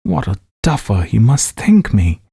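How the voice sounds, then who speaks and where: A man voicing an embarrassed young gentleman who speaks in a sulky, rueful way. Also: on the low side, big pitch swings, unhurried, vocal fry, slightly rough, exaggerated voice.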